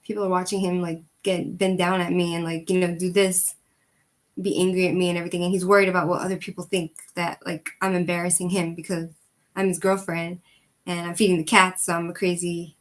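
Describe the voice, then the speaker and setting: Speaking fairly quickly in a lowish voice, a woman channel host in her thirties chats casually through a personal anecdote. She rambles animatedly, leans on filler words, and keeps laughing between sentences.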